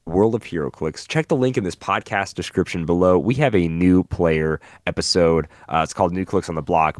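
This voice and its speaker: A man's voice: low voice, no room sound, studio quality. A man hosting a casual hobby podcast, joking and bantering with his co-host.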